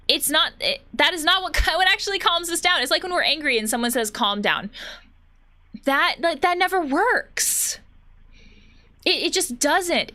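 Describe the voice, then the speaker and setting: Speaking in a high, sharp voice, a woman therapist chats about anxiety as she games. Her commentary is relaxed and reflective but talkative, peppered with fillers and false starts.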